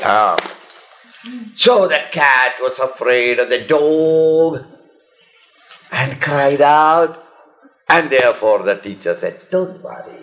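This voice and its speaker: A man with an Indian English accent, an Indian monk telling a children's story with animated delivery, frequent chuckles and dramatic pauses. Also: medium pitch.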